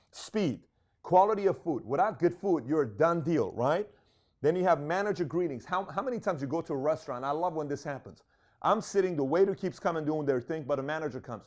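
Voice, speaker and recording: A man giving an emphatic business talk, telling stories and acting out what people said. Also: a little high. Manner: emphatic, storytelling, acts out quotes. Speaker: business speaker.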